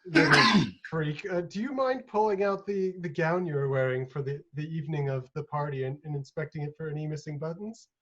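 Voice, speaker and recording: A man's voice: on the high side, brisk, hardly any pauses, fairly bright tone. A man playing a tabletop game, asking in character with polite, formal courtesy. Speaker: player. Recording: dull lo-fi audio.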